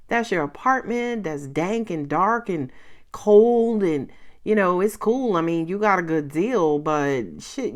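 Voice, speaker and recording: Excitable, animated woman reading tarot. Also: mid-range voice. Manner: excitable, chatty, swears freely, laughs often. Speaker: tarot reader. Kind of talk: casual tarot reading to camera. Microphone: camera.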